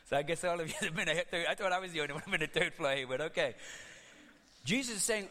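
Animated pastor preaching in a reverberant hall. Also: male voice, fairly high pitch, quick pace. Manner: conversational, animated storytelling with playful asides. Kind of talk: sermon.

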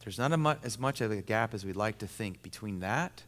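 A man preaching a sermon to a men's gathering, emphatic and repetitive, moving between loud, rising passages and hushed, intense ones. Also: fairly low pitch, lively intonation, brisk. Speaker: pastor. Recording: long hall reverb.

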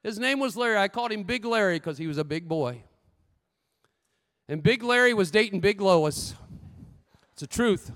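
A man preaching a sermon with lively storytelling, swinging between loud bursts and hushed asides. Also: high voice, normal speed, pauses often, in a large hall.

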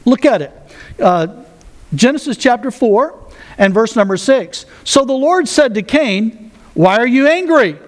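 Man, pastor, very high-pitched, folksy sermon, reads scripture aloud. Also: lively intonation, measured pace.

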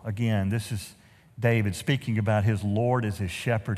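A man's voice: fairly low pitch, moderate pace, big-room sound. A man preaching a sermon as pastor, telling stories with humorous asides. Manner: animated storytelling with humorous asides. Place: church sanctuary.

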